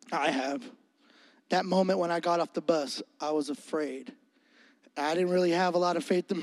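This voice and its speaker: A Floridian man with a very high voice delivers a sermon in an animated, comedic style, acting out the scenes of his stories. The recording is close and dry, with no room sound and no echo.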